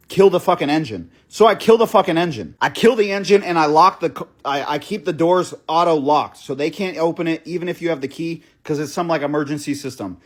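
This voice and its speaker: A young man tells a story in an excited, breathless rush, restarting his sentences as he goes. His voice sits a little higher than most men's. He swears freely and keeps checking in with the listener. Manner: casual, profane, keeps asking "right?" and saying "bro". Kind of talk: storytime monologue.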